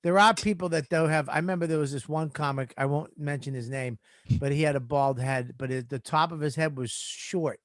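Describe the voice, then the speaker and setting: A man with a high voice cracks jokes and spins loose stories, getting loud and animated as he talks. The sound is dry and close, with no room around it. He is chatting with other comedians on a video call. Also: a little fast, dry recording. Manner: loud, joking, animated storyteller. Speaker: comedian and panel host. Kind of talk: casual banter on a video call.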